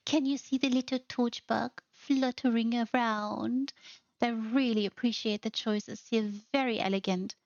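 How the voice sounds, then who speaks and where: A woman's voice: on the high side, unhurried, darkish tone, dry recording, muffled recording. A woman hosting a narrated house tour, gushing with effusive praise. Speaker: host.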